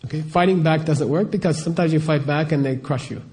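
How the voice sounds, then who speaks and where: Middle-aged male teacher, slightly high mellow voice, casual conversational delivery, peppers his talk with rhetorical questions. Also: fast. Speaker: spiritual teacher.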